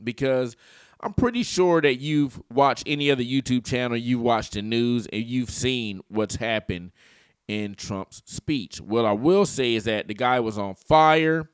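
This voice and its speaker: A man's voice: mid-range voice, measured pace, smooth, dry recording, clean studio sound. A man giving casual, opinionated political commentary for his channel, slangy and full of joking asides. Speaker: YouTube commentator.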